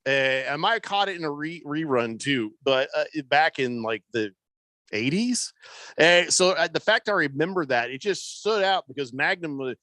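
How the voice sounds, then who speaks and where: A man's voice: fairly high pitch, lively intonation, normal speed, bright, forceful tone, no room sound. A man co-hosting a sports radio show, bantering casually and rambling through stories. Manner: rambling, chatty storytelling. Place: radio studio. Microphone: studio mic.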